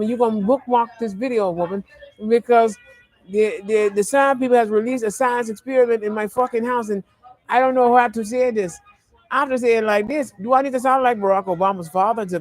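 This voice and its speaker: A man talks in a very high voice, rambling from thought to thought and circling back to repeat himself. The sound is dry and close, with no room echo. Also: steady tone, a little fast, soft background music. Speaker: vlogger. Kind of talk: rambling spiritual monologue.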